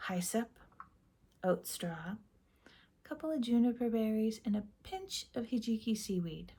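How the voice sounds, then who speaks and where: A woman giving a gentle, meandering tarot reading in a soft-spoken voice that drifts into half-whispers. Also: medium pitch, lively intonation, a little slow, creaky, long pauses, slight background noise. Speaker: tarot reader.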